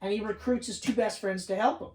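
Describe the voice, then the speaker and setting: An animated man co-hosting a casual film review podcast, cursing often and slipping into quoted voices as he retells scenes. He sits well back from the microphone, and the room around him rings with echo. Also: high voice, quick pace. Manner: excited, profane, acts out scenes in quoted voices. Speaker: podcast co-host. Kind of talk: casual movie review chat. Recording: roomy room, far from mic.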